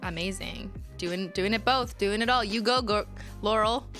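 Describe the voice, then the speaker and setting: A woman's voice: medium pitch, moderate pace, a bit bright, soft background music. A woman hosting a casual livestream, reading out chat messages with playful, giggly, mock-corporate banter.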